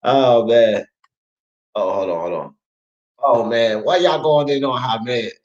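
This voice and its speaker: A man's voice: mid-range voice, slow pace, darkish tone, dull audio. A male sports talk host on a live boxing stream, reading viewers' chat comments aloud in a loose, slangy way and laughing often.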